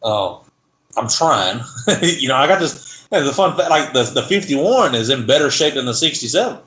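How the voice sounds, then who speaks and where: A man's voice: mid-range voice, sing-song, moderate pace, fairly bright tone. A man with a Southern US drawl chats loosely on a livestream, drifting from thought to thought and leaving sentences unfinished. His voice sits in a middle register and bounces around a roomy, echoey space. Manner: rambling, trailing off mid-sentence. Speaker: car channel livestream host. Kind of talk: casual livestream chat. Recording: echoey room.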